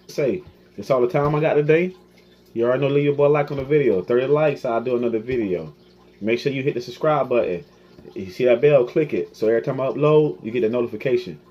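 Frustrated fan ranting, husky voice. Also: male voice, mid-range voice, dull audio. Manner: frustrated, repetitive, animated. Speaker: sports fan vlogger.

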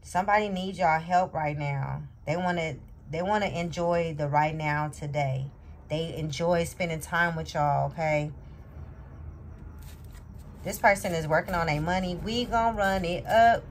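A low-pitched woman, doing a loose, rambling tarot reading. She keeps checking in with a quick "okay?". A faint hiss sits behind her voice. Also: steady tone. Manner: rambling, repeats "okay?" often. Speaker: tarot reader.

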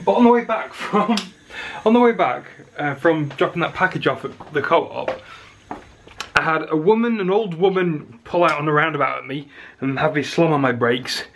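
A man narrating his day in a casual vlog, chatty and quick to rant when annoyed. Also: fairly high pitch, fairly bright tone, a little hiss or hum. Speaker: vlogger.

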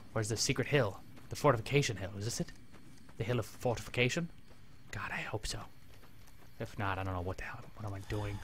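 A man casually commenting on his video game as he plays, rambling and joking, talking to his companion and breaking into sudden excited yelps. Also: on the low side, brisk, long pauses, a little hiss or hum. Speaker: gameplay commentator. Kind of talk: casual let's-play commentary.

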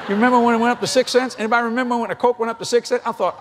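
A man's voice: very high voice, fairly even intonation, rapid-fire, hardly any pauses, some chatter behind, a little hiss or hum. A middle-aged man preaching a sermon at a convention, telling folksy stories and acting out the dialogue. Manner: folksy storytelling, acts out dialogue, laughs often. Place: large convention hall, live audience.

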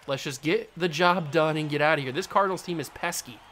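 Excitable young man narrating his baseball game. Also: fairly high pitch, fairly quick. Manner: excitable, repeats himself, swings from groaning to cheering. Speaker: gaming YouTuber. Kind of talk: casual gameplay commentary. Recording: game music underneath.

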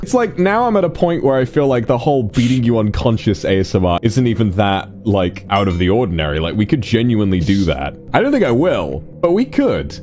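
A man trades loud, profane, teasing banter as a streamer on a streaming mic. His pitch swings widely as he talks, and music plays in the background. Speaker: VTuber streamer. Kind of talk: casual chat.

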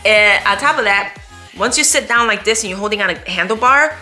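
A woman tells a story to her viewers in a bright, forceful voice. She is animated and expressive, and she laughs often as she talks from home. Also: medium pitch, fairly quick, soft background music. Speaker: vlogger. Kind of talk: storytime chat to camera.

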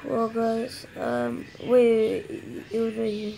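A woman casually commenting on her own gameplay, excitable, swearing and yelling when frustrated. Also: fairly high pitch, takes it slowly, vocal fry. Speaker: gamer narrating own play.

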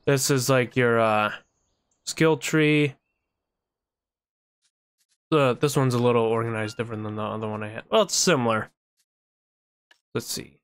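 A man's voice: mid-range voice, a little slow, pauses often, clean tone. A man streaming a video game live, chatting casually and thinking aloud as he plays. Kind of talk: casual live-stream chat while gaming.

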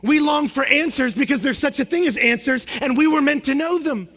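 A young man preaches with a very high, bright voice, swinging from emphatic rising questions to low, quiet statements. His words ring out with a long reverb from a large hall. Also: fairly quick. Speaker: pastor. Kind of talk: sermon.

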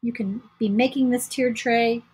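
Husky-voiced woman crafting live. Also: on the high side, steady tone, moderate pace, a little mellow, rough recording. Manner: chatty, talks to viewers while painting. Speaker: crafting livestream host. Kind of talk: casual crafting livestream chat.

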